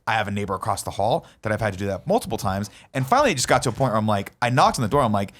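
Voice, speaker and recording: A man's voice: fairly low pitch, sing-song, racing, hardly any pauses, fairly bright tone. A man, a podcast co-host, telling a heated story in casual chat and swearing a lot.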